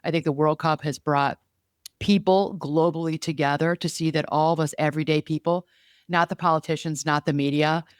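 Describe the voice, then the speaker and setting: A man's voice: fairly high pitch, clear, resonant tone, no room sound, studio quality. A man co-hosting a casual conversational chat, earnest and rambling, often restarting his sentences. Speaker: podcast co-host.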